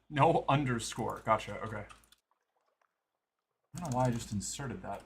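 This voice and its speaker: A man's voice: medium pitch, normal speed, gravelly, fairly bright tone, slight background noise. A man streaming live, chatting casually to his viewers while playing a game. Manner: chatty, talks to chat while playing and exercising.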